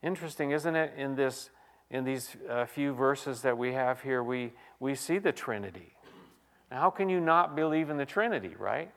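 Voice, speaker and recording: At a moderate pace and in a mid-range voice, a pastor reads passages of scripture and speaks straight to his audience. His sermon swings between loud, pressing questions and soft, close, hushed moments.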